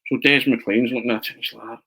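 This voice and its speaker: A man's voice: medium pitch, fast talker, slightly rough, low-quality recording. A man, a journalist being interviewed, telling stories with lots of laughter and restarted phrases. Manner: animated, laughing, repeats and restarts his words. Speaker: journalist and writer, interview guest. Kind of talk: anecdotal storytelling in an interview.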